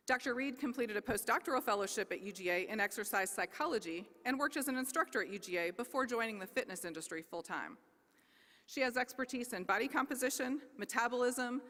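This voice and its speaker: Woman dean, bright and crisp voice, formal introduction, lots of hall reverb. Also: fairly high pitch. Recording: long reverb of a large hall.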